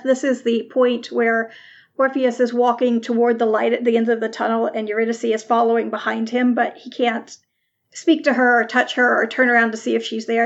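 A woman player in a tabletop role-playing game, relaxed as she explains the rules. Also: on the high side, dull audio.

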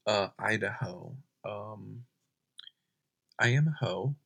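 Gravelly young man rambling in deadpan. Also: on the low side, takes it slowly. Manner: rambling, often drops to a whisper. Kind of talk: deadpan comedy bit. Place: home at night.

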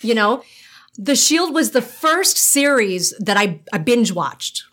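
A woman from Minnesota hosts a loose, chatty conversation, her voice sitting a little high. She talks fast, laughs easily and fires off questions and stories. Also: very animated, fairly bright tone. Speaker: host. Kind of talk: casual chat.

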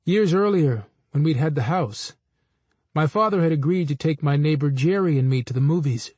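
A man reading a memoir aloud in a steady, measured storytelling voice. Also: fairly high pitch, slightly rough, no room sound. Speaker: narrator. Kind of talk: audiobook memoir narration.

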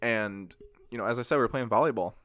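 20-something guy telling wild school stories, lively and swearing, dry close mic. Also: medium pitch, quick pace, no echo. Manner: animated storyteller, swears casually. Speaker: podcast co-host. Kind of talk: casual podcast chat.

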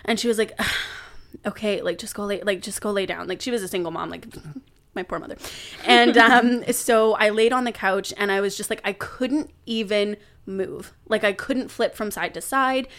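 A young adult woman, a podcast guest, telling a personal story in casual chat, animated, laughing and swearing now and then. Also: mid-range voice, moderate pace.

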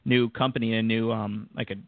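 A man's voice: fairly low pitch, level tone, fairly quick, dry recording. A man hosting a podcast in casual chat, upbeat and encouraging. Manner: upbeat, encouraging, laughs easily. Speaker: podcast host. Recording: tinny dry phone-like sound.

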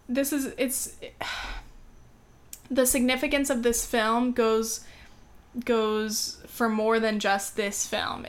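A woman's voice: a little high, fairly bright tone. An American woman chatting casually on camera about films she has seen, talking loosely with lots of "um" and "like" and getting heated now and then. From United States. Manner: chatty, full of "um" and "like", gets heated. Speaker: vlogger reviewing films. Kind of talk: casual chat.

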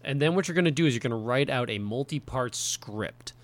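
A man co-hosting a casual gaming podcast, spinning long mock-serious riffs with a deadpan delivery. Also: medium pitch, fairly quick. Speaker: podcast co-host.

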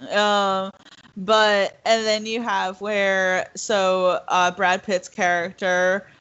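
A woman talks casually on a podcast, an animated storyteller who keeps acting out the scenes she describes. Her voice is mid-pitched. The audio is slightly dull and muffled. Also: extremely slow, smooth. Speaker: podcast co-host. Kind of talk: casual chat.

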